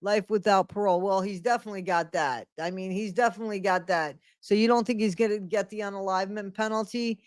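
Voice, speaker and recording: A woman's voice: medium pitch, fast talker, few pauses, no room sound, studio quality. A middle-aged woman hosting a casual live stream from home, greeting viewers by name and repeating her phrases. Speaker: livestream host.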